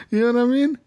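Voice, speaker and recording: A man's voice: very high-pitched, dark tone, smooth, no room sound, highs cut off. A man co-hosting a casual podcast, retelling scenes with lots of swearing and laughter. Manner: swearing, laughing, recounting scenes with quoted dialogue. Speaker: podcast co-host. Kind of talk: casual chat.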